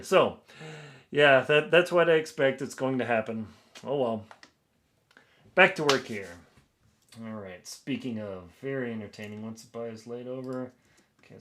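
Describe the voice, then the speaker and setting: A man streaming live as he works, chatting casually, laughing, and thinking aloud. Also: medium pitch. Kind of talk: casual live-stream chat while working.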